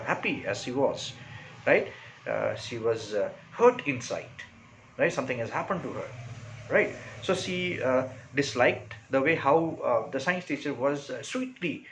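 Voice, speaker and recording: A man with an Indian English accent, explaining a story to his class, checking in with "right?" after nearly every phrase and pausing on many "uh"s. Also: medium pitch, a bit bright, a little hiss or hum, rough recording. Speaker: teacher.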